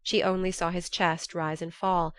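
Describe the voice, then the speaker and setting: A woman narrates a classic novel in a measured, steady way. Her voice is on the low side for a woman. The recording is dry and close, with no room sound. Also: no echo. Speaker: audiobook narrator. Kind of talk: scripted narration.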